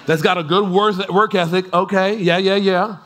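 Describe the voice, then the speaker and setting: At a church service, a pastor with a high-sitting, steady, fairly bright voice preaches at a normal speed to his congregation. His sermon is loose and conversational, and he often checks in with the crowd and tosses in playful asides.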